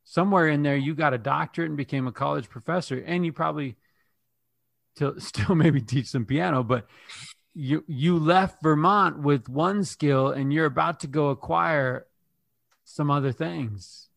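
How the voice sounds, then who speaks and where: A man's voice: fairly high pitch, normal speed, gravelly, fairly bright tone, no room sound. A man co-hosting a podcast who chats casually with a guest, telling stories with an upbeat manner and laughing easily. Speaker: podcast co-host. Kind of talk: casual interview chat.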